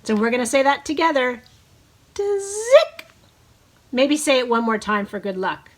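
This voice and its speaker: A woman teacher reading a picture book to young children, leading them in bird calls and counting with slow, encouraging delivery. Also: on the high side. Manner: slow, encouraging, leads bird-call imitations. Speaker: preschool teacher.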